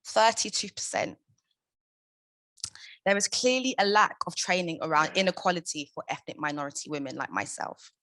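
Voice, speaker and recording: Forceful woman giving an impassioned talk. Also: lowish voice, normal speed, no room sound. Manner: impassioned, emphatic, rhetorical questions. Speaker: conference speaker, founder of a maternal support group. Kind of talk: prepared conference talk.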